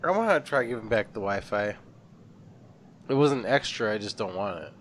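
A man's voice: lowish voice, expressive, moderate pace. A stammering, hesitant co-host man.

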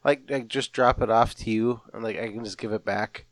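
A man's voice: on the low side, fairly even intonation, a little fast, no room sound. A man co-hosting, talking in a hesitant, stammering way.

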